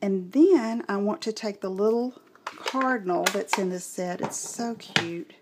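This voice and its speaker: A woman's voice: medium pitch, unhurried, heavy background noise. A woman from Southeast Texas with a Southern accent, chatting casually through a card-making tutorial and thinking aloud as she works. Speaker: craft tutorial host. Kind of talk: casual craft demonstration.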